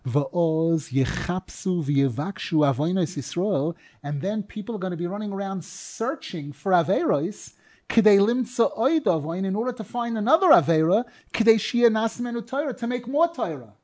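A man teaching a Torah class. He reads each phrase of the text in a chanting tone, then explains it with animated rhetorical questions. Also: high voice, normal speed.

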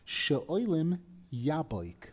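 A man's voice: a little high, very animated, very slow, slightly rough. A man teaching a Torah class, explaining step by step, stressing key words and posing rhetorical questions.

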